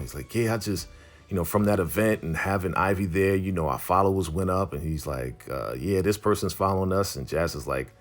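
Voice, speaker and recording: Chatty low-voiced man recapping a show. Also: a little fast, faint music behind. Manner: loose and chatty, full of "you know" and "like". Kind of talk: casual episode recap, retelling scenes with quoted lines.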